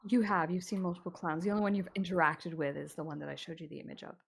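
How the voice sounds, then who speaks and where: A woman running a tabletop horror game as game master, narrating scenes in an unhurried way with fillers. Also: on the low side, steady tone, gravelly, a little hiss or hum.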